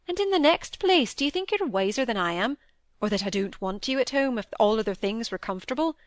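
A woman's voice: on the high side, lively intonation, brisk, dry recording, natural voice. A woman reading aloud, voicing a brusque, dryly teasing middle-aged country doctor. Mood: stern.

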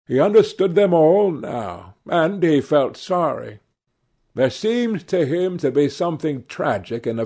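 Slow, gravelly male audiobook reader. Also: medium pitch, a little mellow. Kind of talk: audiobook narration.

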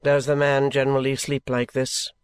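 A man's voice: medium pitch, completely flat delivery, normal speed, smooth, dry recording, clean studio sound, natural voice. A man playing a guarded, formal lawyer. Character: cold, guarded male lawyer, reserved and formal.

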